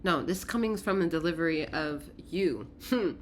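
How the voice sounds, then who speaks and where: Low-voiced profane woman reading tarot. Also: normal speed, slight background noise. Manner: profane, laughing, animated. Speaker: tarot reader.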